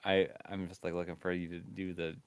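Low-voiced man with a dry sound. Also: level tone, fairly quick, clean tone, no room sound. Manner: playful, jokey, makes silly sound effects. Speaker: co-host of a gaming stream. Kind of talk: casual live-stream chat.

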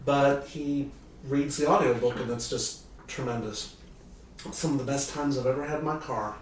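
A man hosting a podcast in casual chat, self-deprecating and quick to laugh. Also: medium pitch, slight background noise. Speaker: podcast host.

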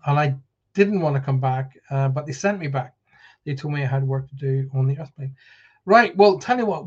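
A man's voice: on the high side, lo-fi sound. Rambling chatty male livestream host. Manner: rambling, chatty, greets viewers by name. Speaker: livestream host and card reader. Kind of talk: casual live-stream chat.

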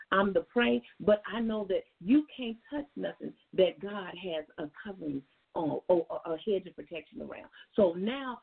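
A woman's voice: medium pitch, creaky. A woman gives a folksy, preachy faith testimony as a guest on a call-in show, talking straight to her listeners. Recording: tinny phone line with faint music.

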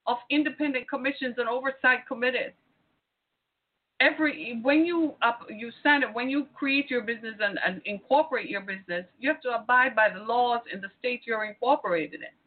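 Indignant woman ranting over tinny audio. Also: a little high. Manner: indignant, rapid rhetorical questions, repeats phrases. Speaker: vlogger. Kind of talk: impassioned personal commentary.

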